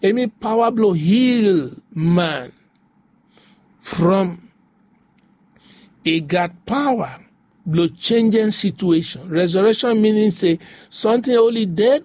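A man's voice: high voice, animated, a little slow, darkish tone. A man preaching a devotional sermon, repeating phrases in a rhythmic, rising way. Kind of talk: devotional sermon in pidgin English.

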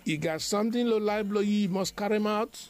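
A man leads a devotional sermon, his voice sitting fairly high. He drives his message through rhythmic, emphatic repetition, and soft music plays quietly behind him. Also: quick pace. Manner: repetitive, emphatic preaching cadence. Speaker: preacher.

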